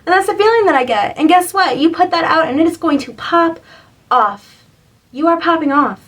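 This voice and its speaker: A woman's voice: high voice, normal speed, a bit bright, distant mic, poor audio. A young woman giving a spiritual reading to camera, earnest and encouraging, rambling with lots of "like"s. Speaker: spiritual reader.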